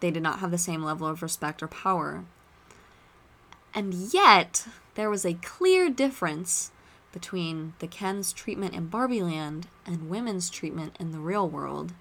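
A woman hosting a podcast, chatting casually and retelling movie scenes with lively asides. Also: lowish voice, unhurried. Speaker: podcast host.

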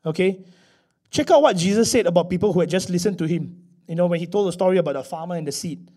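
A man preaching a sermon, swinging from loud emphasis to quiet asides and acting out little scenes. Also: high-pitched, fast. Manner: animated, acts out little scenes with voices. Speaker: pastor.

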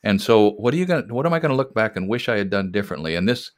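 A man's voice: fairly low pitch, lively intonation, racing. A man in his sixties co-hosting an interview, chatty and reflective, often restarting his sentences. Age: 60s. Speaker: co-host. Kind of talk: casual interview.

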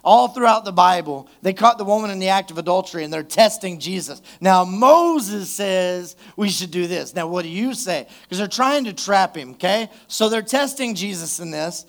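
A male pastor with a high voice preaches a live sermon in church. He keeps it conversational and loose, checking in with the congregation and drawing responses from them. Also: lively intonation, normal speed, few pauses, fairly bright tone. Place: church service.

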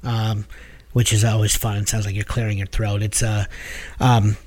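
A man's voice: lowish voice, flat delivery, moderate pace, darkish tone. A man co-hosting a podcast, explaining things in casual chat with many fillers and restarts. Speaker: podcast co-host.

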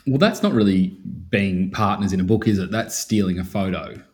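A man's voice: low voice, normal speed, a little mellow. A man who directs a photography festival, talking in wry, self-mocking podcast banter and laughing often.

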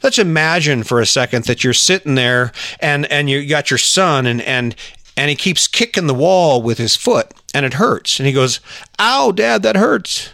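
A man's voice: mid-range voice, fairly bright tone, dry recording, studio quality. A man giving a motivational talk in an earnest, conversational way, with frequent restarts. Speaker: motivational speaker.

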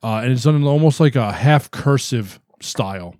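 A man's voice: mid-range voice, animated, normal speed, a little mellow, no room sound, studio quality. Playful man describing a bottle. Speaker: podcast co-host. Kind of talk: casual chat.

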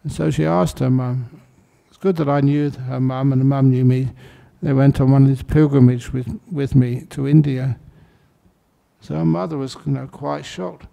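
Deeply gravelly, dark-voiced male teacher. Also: moderate pace. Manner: relaxed anecdotal storytelling. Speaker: meditation teacher. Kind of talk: dharma talk.

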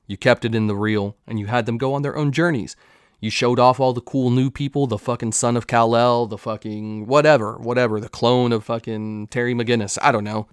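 Profane, excitable man hosting a podcast. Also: mid-range voice, fairly quick, clear, resonant tone, dry recording, studio quality. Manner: loose, profane and excitable, with jokey asides. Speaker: podcast host. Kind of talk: casual solo podcast chat about comics and film news.

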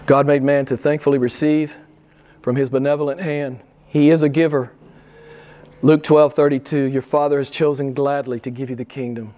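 A middle-aged man preaching a sermon, swinging between loud emphatic lines and hushed, whispered asides. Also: mid-range voice, fairly even intonation, moderate pace. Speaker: pastor.

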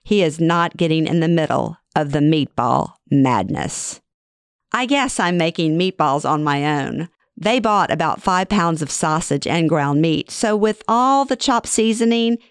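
A woman's voice: sits low, expressive, measured pace, clean tone, dry recording, clean studio sound. A middle-aged woman reading her own memoir aloud in a wry, conversational way. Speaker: memoir narrator. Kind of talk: first-person storytelling reading.

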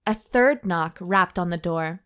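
A woman's voice: fairly low pitch, a little slow, fairly bright tone, clear, resonant tone. A woman co-hosting a comedy podcast, reading an erotic story aloud with mock drama and stopping to joke. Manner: reads with mock drama, stops to joke and laugh.

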